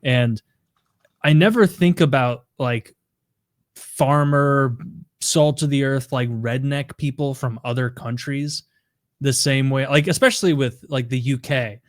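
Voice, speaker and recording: A man's voice: mid-range voice, unhurried, no echo, studio quality. A man hosting a podcast in casual chat, rambling and saying "like" a lot. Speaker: podcast host.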